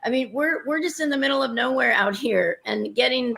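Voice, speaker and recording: Gravelly-voiced grateful woman. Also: fairly high pitch, fairly quick. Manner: warm, grateful, repetitive. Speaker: chimpanzee rescuer. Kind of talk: live remote interview.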